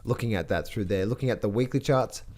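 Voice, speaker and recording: A man's voice: lowish voice, fast, darkish tone. A man giving casual market commentary as a trading educator, blunt and rambling, with many repeated words.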